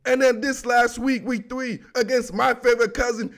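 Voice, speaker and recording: A young man giving a solo football recap, talking in excitable, joking slang. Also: very high-pitched, moderate pace, few pauses. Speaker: sports commentator.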